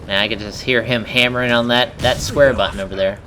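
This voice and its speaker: A man's voice: mid-range voice, quick pace, slight background noise. A man chatting and joking casually while commenting on someone else's game playthrough. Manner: joking, animated, laughs often. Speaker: co-commentator on a gameplay video. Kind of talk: casual gaming banter.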